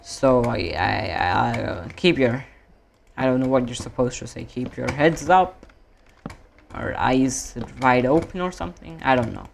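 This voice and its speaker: With a mid-range voice and some vocal fry, this streamer from India talks casually as he games, with slight noise in the background. His speech wanders, stretches out fillers, and keeps correcting itself mid-sentence.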